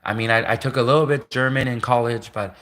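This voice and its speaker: A man's voice: mid-range voice, fairly even intonation, fast, fairly bright tone. A man from Canada talking on a solo livestream, rambling between topics and laughing at his own jokes. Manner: digressive, laughs at own jokes, mock-quotes imagined critics. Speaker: livestream host.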